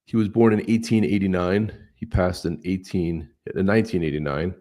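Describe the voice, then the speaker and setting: A man's voice: sits low, steady tone, normal speed, warm tone. A man co-hosting a live stream, chatting casually and upbeat, greeting viewers by name. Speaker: podcast co-host.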